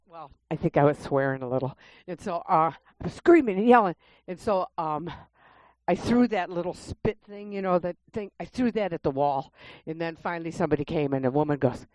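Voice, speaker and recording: Low-voiced woman giving church testimony. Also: fairly quick. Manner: lively storyteller who acts out quoted voices. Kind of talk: church testimony and spoken prayer.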